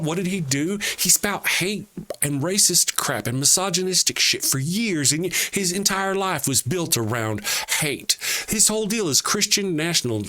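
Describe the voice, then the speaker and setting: Casting note: fired-up man in a solo political rant, bright forceful voice, swooping, lively pitch, crude and emphatic. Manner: heated, profane, repetitive, emphatic; mocking quoted voices dropped low. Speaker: political commentator. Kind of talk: angry political rant to camera.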